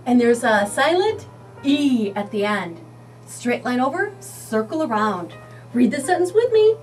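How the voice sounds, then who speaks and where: A woman teaching young children to read, sounding out letters and words slowly and encouragingly. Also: high-pitched, sing-song, recorded from a distance, soft background music. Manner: slow, sing-song, sounding out letters. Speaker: early reading teacher. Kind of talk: children's phonics lesson.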